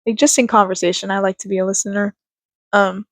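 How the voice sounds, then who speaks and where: A young woman vlogger talks casually to camera about life and faith, rambling with fillers and laughter, sounding a bit congested. Her mid-range voice moves fast with fairly even intonation, and there's no room sound.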